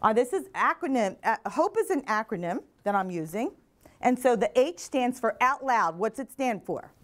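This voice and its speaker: A middle-aged woman with a slightly high voice speaks earnestly to a class of nursing students. She asks them questions and repeats their answers back to them. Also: sing-song, moderate pace. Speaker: mental health advocate speaking to nursing students. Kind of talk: motivational talk to a class. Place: classroom or lecture hall.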